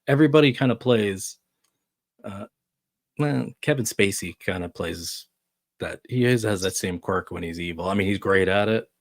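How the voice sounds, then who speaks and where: A man's voice: fairly low pitch, moderate pace, no echo. A man joining as a guest in a casual movie chat, talking in a laid-back way that trails off.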